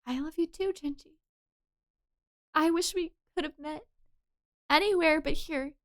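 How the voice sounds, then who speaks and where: Tender, hushed young girlfriend in a dating sim, voiced by a woman; soft and unhurried. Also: high voice. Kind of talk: reading a dating sim aloud.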